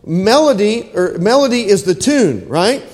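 High-voiced man preaching in a reverberant church. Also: big pitch swings, unhurried, darkish tone. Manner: folksy, asks the congregation questions. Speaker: pastor. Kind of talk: sermon. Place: church hall.

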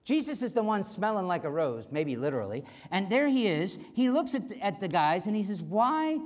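A man preaching a sermon as pastor, animated and acting out quoted voices. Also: high voice, fairly quick. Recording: long hall reverb.

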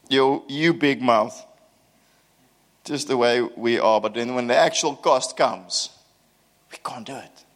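A male preacher at a middle pitch, telling the story with lively, self-mocking humor. He swings between loud emphasis and quiet asides as he preaches. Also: slow pace, long pauses. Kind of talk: sermon.

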